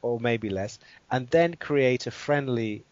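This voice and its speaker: A man who is a guest expert, calmly walking through a guided exercise and checking in with the listener as he explains. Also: mid-range voice. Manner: measured and explanatory, checks in with "right?". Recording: dull, dry interview audio.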